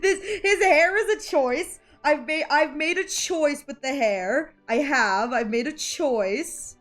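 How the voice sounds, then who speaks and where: A woman's voice: sits high, takes it slowly, a bit bright, faint music behind. A woman streaming while drawing, chatting casually in a rambling, giggly way and swearing now and then. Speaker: art streamer.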